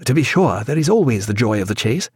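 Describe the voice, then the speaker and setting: A man's voice: mid-range voice, sing-song, quick pace, breathy edge, no room sound. A reserved ship's doctor with a dry, understated manner, politely unmoved, as a man voices him in a story reading. His delivery stays restrained. The recording is close and dry.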